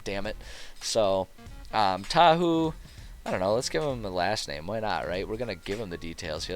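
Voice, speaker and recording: In a fairly low-pitched voice, this man streams as a game master and builds a world as he talks. His chat is casual and rambling, with self-deprecating jokes and the occasional curse.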